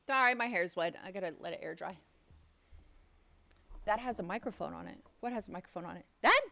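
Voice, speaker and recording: A woman's voice: medium pitch, animated, a little fast, vocal fry, sharp tone. A woman hosting a casual livestream from her home studio, chatty and outspoken, swearing when annoyed, on a studio mic that picks up the room. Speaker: livestream host. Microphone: studio mic picking up the room.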